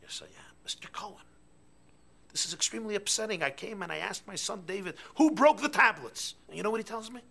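A man acting out an indignant, infuriated middle-aged father in a told joke, in a shrill, shouting voice. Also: huge pitch swings, normal speed, gravelly, breathy edge, exaggerated voice.

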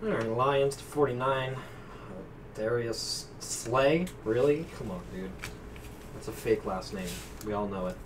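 A man hosts a card break, rattling off teams and cards with a jokey, easygoing patter. He sits back from the microphone, so he sounds distant. A clear hum of room noise runs behind him. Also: medium pitch, unhurried. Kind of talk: casual live card-break chat. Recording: distant mic with noisy room.

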